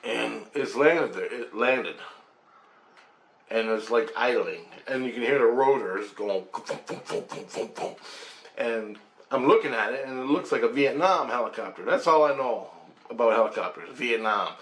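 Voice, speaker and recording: A Canadian man tells a casual first-person story about a strange night, speaking at a moderate pace in an ordinary mid-pitched voice. He's animated, imitating rotor sounds and acting out quoted voices, and he swears casually and laughs as he goes.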